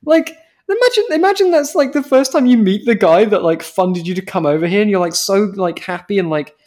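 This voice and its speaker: A man's voice: high voice, brisk. A man co-hosting a film review podcast who talks casually, swears often and sounds incredulous. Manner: animated, profane, incredulous.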